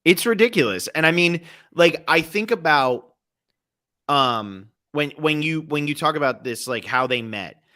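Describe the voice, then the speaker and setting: Brief: young man, podcast co-host, bright tone, lively storyteller. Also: a little high, unhurried. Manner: animated storyteller, acts out quotes. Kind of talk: casual movie chat.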